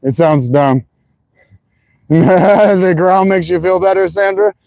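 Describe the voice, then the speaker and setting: A man chats casually on a stream in an unhurried, laid-back way. His voice sits a little high but sounds mellow and warm. He swears freely as he muses aloud. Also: gravelly, no room sound, low-quality recording. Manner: loose and profane, musing aloud. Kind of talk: casual chat.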